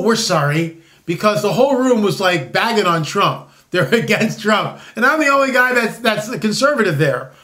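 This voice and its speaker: A man's voice: high-pitched, a bit bright. A man in his sixties hosting an opinionated commentary monologue, rambling with frequent restarts and asides. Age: 60s. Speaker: host.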